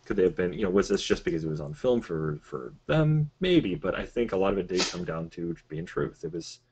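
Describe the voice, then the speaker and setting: Deep-voiced rambling male podcast guest. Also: sing-song, a little fast, darkish tone, slight background noise. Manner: rambling, digressive, conversational. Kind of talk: casual podcast discussion.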